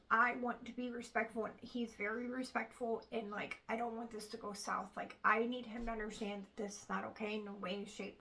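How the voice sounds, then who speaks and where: A woman's voice: fairly high pitch, bright, forceful tone, slight background noise, low-quality recording. A woman in her thirties telling a frustrated personal story to camera, acting out what others said along the way. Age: 30s. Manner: frustrated, retelling with quoted dialogue. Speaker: vlogger. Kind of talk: casual storytime vlog.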